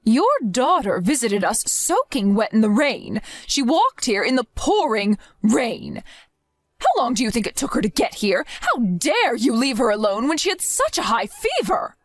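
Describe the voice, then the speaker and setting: In a dramatized story, a woman serves as narrator and voices a protective, stern grandmother who demands answers and scolds firmly. Her voice is a little high and sing-song, at a moderate pace, with no room sound.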